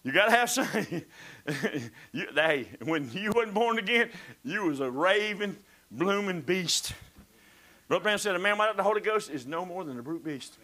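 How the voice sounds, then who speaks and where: A man's voice: high voice, lively intonation, normal speed, bright, forceful tone. A man preaching a fervent sermon, exclaiming and dropping to whispers.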